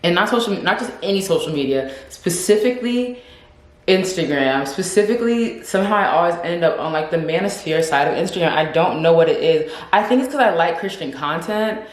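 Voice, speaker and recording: A woman's voice: lowish voice, a little fast. Chatty young woman in an echoey room. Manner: animated, chatty, laughs often. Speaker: vlogger. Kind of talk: casual chat.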